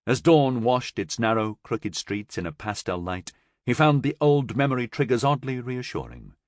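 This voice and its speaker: A man narrating a science fiction audiobook with expressive, dramatic storytelling on a close mic. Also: mid-range voice, normal speed, no echo. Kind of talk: scripted narration.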